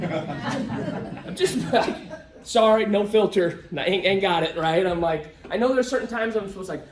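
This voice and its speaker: A man's voice: sits high, normal speed. A man giving a live motivational talk to an audience in a conference room, telling stories in a joking, self-deprecating way. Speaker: motivational speaker. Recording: echoey room, voice from far off.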